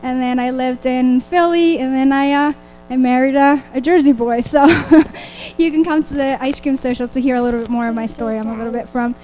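A woman's voice: sits high, fairly even intonation, fairly quick, mellow, faint music behind. A woman from Mexico and Colombia introducing her family to a church congregation in a friendly, brief way. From born in Mexico, grew up in Colombia. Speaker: missionary's wife.

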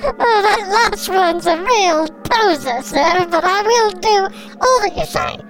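A cheeky, eager little street boy in a very high, piping tone. He is sassy and game for anything, and music plays behind him. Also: expressive, takes it slowly, full character voice, low-quality recording. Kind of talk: improv comedy parody.

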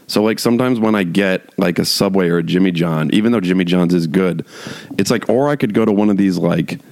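A man's voice: low-pitched, fairly quick, a little mellow, dry recording. A man talking casually in a rambling way, full of "like" and restarts, with wry chuckling asides. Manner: rambling, heavy use of "like", frequent restarts. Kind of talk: casual monologue chat.

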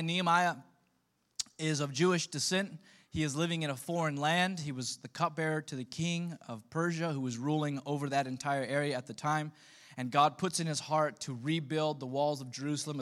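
A man in his thirties preaching a relaxed, conversational sermon as pastor, full of joking asides to his congregation. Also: a little high, a little fast.

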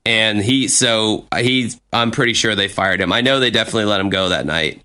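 A man casually telling a story on a chat show, animated and swearing, acting out what people said. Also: fairly low pitch, a little fast, clear, resonant tone. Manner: animated, acts out quotes with profanity.

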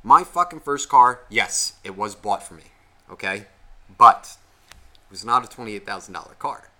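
A man's voice: fairly low pitch, expressive, normal speed, pushed and bright. A man co-hosting a podcast, telling a rambling, profanity-laced story in casual chat. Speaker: podcast co-host.

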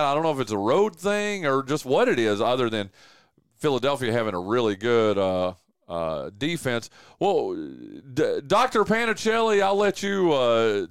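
On a studio mic with no room sound, a man with a clean, mid-range voice hosts a casual sports talk radio show. He's from southwestern Virginia, speaks emphatically, and says "dude" often.

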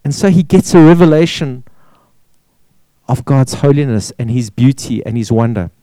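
Emphatic pastor, dry close sound. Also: male voice, medium pitch, animated, normal speed, warm tone, dry recording, rough recording. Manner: emphatic preacher with repeated words and rhetorical questions. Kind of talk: sermon.

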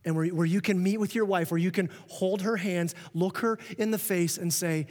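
A man preaching a sermon as pastor, earnest and animated, often restarting his sentences and acting out quoted remarks. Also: high voice, moderate pace, few pauses. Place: church auditorium. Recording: long reverb of a church hall.

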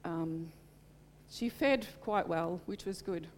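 A woman's voice: lowish voice, slow pace, a little mellow, in a large hall. A middle-aged woman preaching in church, telling a personal testimony in an earnest, heartfelt way. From Australia. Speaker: church speaker.

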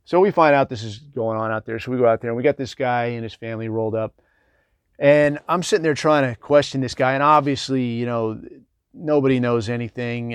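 A middle-aged military veteran tells rambling, digressive stories in a casual, conversational style full of fillers. His mid-range voice is clear and resonant, with no echo.

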